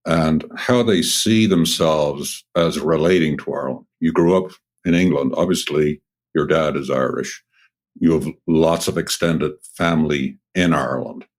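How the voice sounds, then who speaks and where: A male podcast co-host with an extremely deep voice puts his questions to the guest directly. He sets them up in a measured, orderly way. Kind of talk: casual interview.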